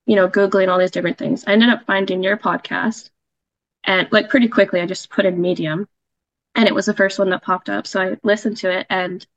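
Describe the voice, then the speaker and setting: A woman's voice: mid-range voice, no room sound, lo-fi sound. A woman casually telling a personal story as a podcast guest, chatty, with fillers and laughs.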